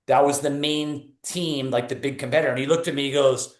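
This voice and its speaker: A man's voice: mid-range voice, a little fast, few pauses, echoey room. A man in his thirties with a New England accent, a performance coach giving a motivational talk full of stories and casual fillers. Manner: energetic storytelling, casual fillers.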